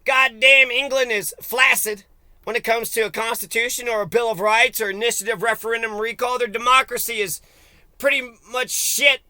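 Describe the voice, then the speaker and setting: A man's voice: very high-pitched, steady tone, moderate pace, pushed and bright, clean tone, no room sound. A man giving a crude, profane and mocking solo political rant. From United States. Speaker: political commentator.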